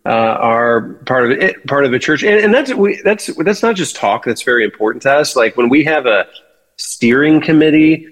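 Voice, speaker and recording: A man's voice: mid-range voice, expressive, normal speed, a bit bright. Earnest male ministry founder, long echo. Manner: earnest, self-correcting. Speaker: ministry founder and CEO, interview guest. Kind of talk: podcast interview.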